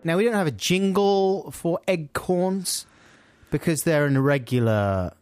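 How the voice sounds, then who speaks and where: A man's voice: on the high side, expressive, unhurried, a little mellow, clear, resonant tone, no room sound. Playful man on dry studio mic. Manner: playful, laughs easily. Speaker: radio host. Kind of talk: casual banter.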